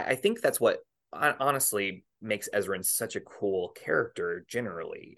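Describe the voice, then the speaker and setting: Animated man hosting a podcast. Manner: animated, laughs often, quick pitch jumps when excited. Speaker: podcast host. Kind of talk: casual podcast chat.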